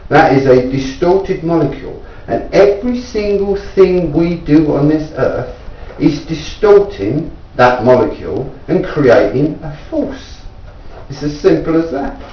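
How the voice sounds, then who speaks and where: A man from England makes an insistent, repetitive appeal to anyone watching, his fairly high voice climbing as he pleads. He sits some way from the mic in an echoey room at home. The recording is dull and lo-fi. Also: animated, a little slow, distant mic, a little hiss or hum. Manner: insistent, repetitive, rising in pitch when pleading. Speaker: self-taught inventor. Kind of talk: earnest appeal to viewers. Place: indoors at home.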